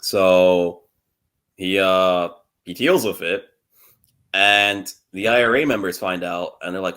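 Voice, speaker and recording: A man's voice: low voice, takes it slowly, a bit bright, clear, resonant tone. A young man co-hosting a podcast, rambling through a long story in casual chat, laughing often and swearing now and then. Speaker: podcast co-host.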